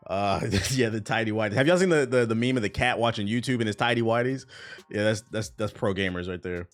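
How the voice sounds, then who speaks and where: A man streaming live, casually and profanely commenting on gaming news and talking to his chat. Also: medium pitch. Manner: profane, rambling, talks to chat. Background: music beat playing.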